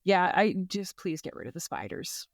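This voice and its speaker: A Canadian woman co-hosting a podcast in casual chat, animated and rambling with lots of fillers and jokes, recorded on a close microphone. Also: lowish voice, moderate pace, dry recording. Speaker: podcast co-host.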